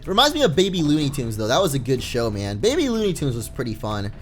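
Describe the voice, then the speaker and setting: A young man chats and rambles through a let's play, reading game text aloud as he goes. His medium-pitched voice swoops wildly and moves at a quick pace. Game music plays faintly in the background.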